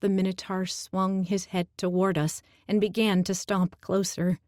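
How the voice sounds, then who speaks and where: A woman narrating a first-person fantasy audiobook in a slow, emotional storytelling manner on a close studio mic. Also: medium pitch, level tone, a little mellow, no room sound.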